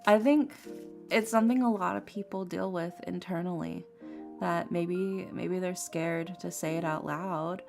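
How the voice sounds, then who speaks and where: A young woman who streams tarot chats casually over faint lofi music, venting frankly and with swearing about a painful personal story. Her voice is lowish, steady, unhurried and gravelly.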